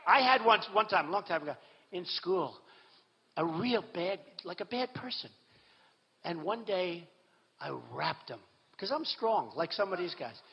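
A man giving a campaign rally speech as a political candidate, repeating himself emphatically and swinging between shouts and low asides. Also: big pitch swings, unhurried, slight background noise. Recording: echoey hall, dull sound.

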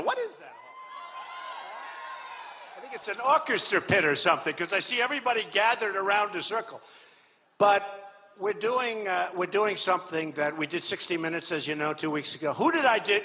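Male candidate, higher register, rambling boastful rally speech; dull audio, faint hiss, long hall reverb. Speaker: political candidate addressing a rally. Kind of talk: off-the-cuff campaign speech. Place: large hall with an audience.

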